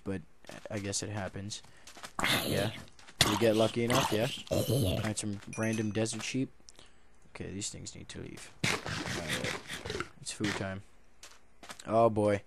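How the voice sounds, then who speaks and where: A young gaming YouTuber gives casual commentary while playing a video game, sliding from low muttering into loud, excited outbursts and back to chatting. The background is noisy.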